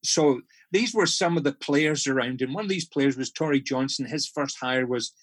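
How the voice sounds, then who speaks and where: Scottish man, middle-aged, husky voice, dry close sound, jovial storyteller. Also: mid-range voice, normal speed, dry recording. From Scotland. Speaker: guest. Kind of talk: conversational podcast interview.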